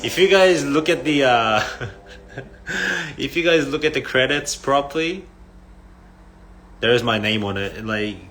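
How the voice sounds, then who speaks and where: Young man, bright tone, rambling casual livestream chat, filler-heavy, faint music behind. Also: medium pitch, animated, measured pace, long pauses. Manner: rambling storyteller, heavy "like" fillers, laughs often.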